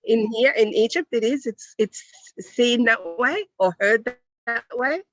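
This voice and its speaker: A woman teacher with an Australian accent, telling stories in a lively way during an interview over a video call. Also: a little high, unhurried, no echo, dull audio, soft background music.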